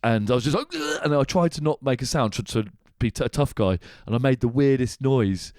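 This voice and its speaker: A man's voice: medium pitch, fairly quick, darkish tone, no echo, studio quality. A man hosting a podcast, telling a story in casual chat, laughing often and swearing. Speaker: podcast host.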